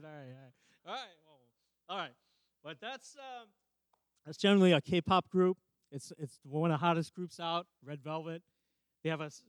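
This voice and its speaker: A man's voice: fairly high pitch, a bit bright, smooth, no echo. A man in his thirties preaches to a church youth group in a slightly raised voice, rambling and poking fun at himself between restarts. His mic sound is close and dry, with no room around it. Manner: rambling and self-joking, many restarts. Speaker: youth pastor. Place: church youth service with audience. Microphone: microphone.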